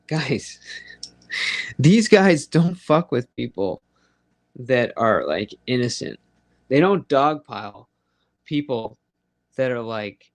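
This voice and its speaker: A man's voice: mid-range voice, no echo, studio quality. Profane, rambling late-night chat host man. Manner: teasing, talks straight to his listeners. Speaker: host of a live audio chat room.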